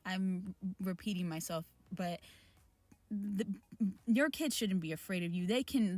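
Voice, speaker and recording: A woman's voice: medium pitch, measured pace, darkish tone, dry recording, faint music behind. A woman hosting a casual reaction video, reading posts aloud and ranting about them with frequent restarts. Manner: ranting, exasperated, restarts often. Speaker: reaction channel host.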